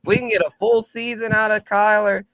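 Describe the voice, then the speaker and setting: A man's voice: high-pitched, level tone, moderate pace, a bit bright, dry recording. A man hosting a casual sports podcast, laid-back and thinking aloud with frequent restarts. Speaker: podcast host.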